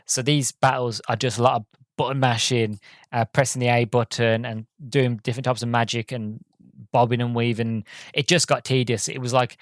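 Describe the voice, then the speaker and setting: A man's voice: mid-range voice, little pitch movement, moderate pace, no echo. Man rambling through a game review. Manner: rambling, frequent ums and restarts. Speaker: podcast host. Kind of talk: casual solo game review.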